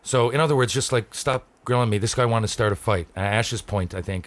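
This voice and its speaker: A man's voice: medium pitch, brisk. A man hosting a podcast, telling a story in casual chat with plenty of swearing and restarts. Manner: profane, animated anecdote-telling with many restarts. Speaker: podcast host.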